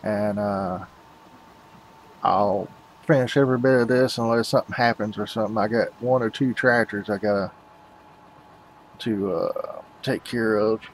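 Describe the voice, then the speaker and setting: A man's voice: fairly low pitch, steady tone, unhurried, pauses often, a little hiss or hum, low-quality recording. A man hosting a farming game video, rambling casually and calling his viewers "folks". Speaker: gaming channel host.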